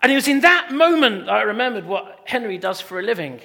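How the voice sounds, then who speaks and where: A man preaching a sermon to a congregation, loud and jokey in his delivery. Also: high-pitched, sing-song, quick pace, gravelly. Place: church hall with a live congregation. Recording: reverberant hall sound.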